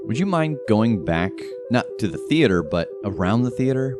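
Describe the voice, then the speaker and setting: A man's voice: fairly low pitch, sing-song, normal speed, over music. A man narrating as game master of a tabletop role-playing game, often laughing as he describes the action.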